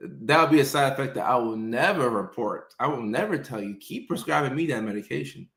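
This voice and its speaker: A male doctor and show host telling casual personal stories, animated, slipping into playful voices for quotes. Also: medium pitch, a little fast, hardly any pauses. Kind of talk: casual storytelling. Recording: roomy echo.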